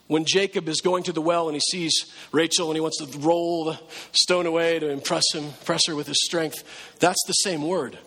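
A pastor preaching a sermon in a relaxed, conversational way, now and then acting out pleading prayers. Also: male voice, a little high, long reverb tail.

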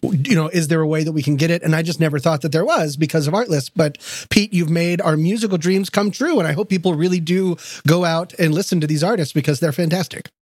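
A man's voice: fairly high pitch, quick pace, hardly any pauses, darkish tone, no room sound, studio quality. A man co-hosting a podcast in casual chat, playful and teasing his partner. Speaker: podcast co-host.

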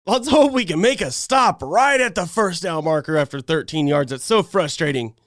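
Fan stream host, male, slightly high pitched, heated and fed-up, dry room. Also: lively intonation, moderate pace, a bit bright, no room sound. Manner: heated, exasperated ranting. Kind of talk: livestreamed fan game breakdown.

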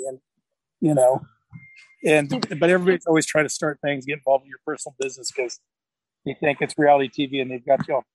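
In a low-quality, dry recording, a middle-aged man talks fast in a slightly high, steady voice. He's a podcast guest in a casual interview, telling meandering stories and frequently self-correcting and starting sentences over.

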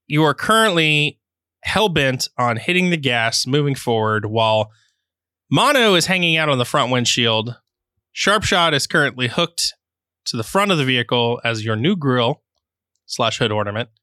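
Slow, bright-voiced male game master. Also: mid-range voice, clean tone, dry recording, clean studio sound. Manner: slow, laid-back narration with laughs and asides. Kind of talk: narrating a tabletop game.

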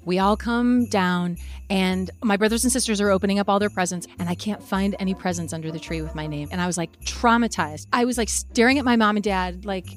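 A woman's voice: mid-range voice, brisk, faint music behind. A woman co-hosting a podcast, telling a personal story in casual chat and acting out her parents' lines. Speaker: podcast co-host.

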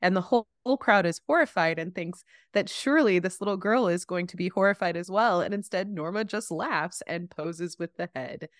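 A woman's voice: on the low side, a little fast, few pauses, dry recording, studio quality. Laughing woman podcast host recapping. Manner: laughs often, animated storyteller. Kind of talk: casual podcast chat.

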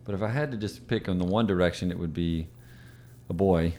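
Deep-voiced, easygoing young man. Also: a little fast, warm tone. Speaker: podcast co-host. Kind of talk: casual chat.

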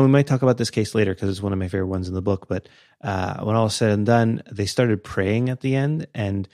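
A man guest on a podcast, telling things in a relaxed way with fillers. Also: low-pitched, vocal fry, dry recording, studio quality. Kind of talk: casual podcast chat.

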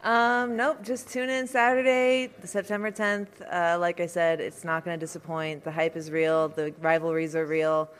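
A woman's voice: on the low side, little pitch movement, normal speed, few pauses, clean tone. A woman, a professional boxer, chatting in a laid-back, dryly joking way in an interview. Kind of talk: casual interview chat.

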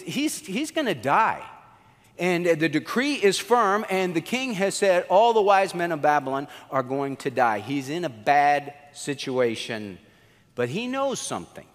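A man pastor preaching a sermon, telling the story in an animated way and acting out the quotes. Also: big-room sound. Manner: animated storytelling, acts out quotes with swings in pitch.

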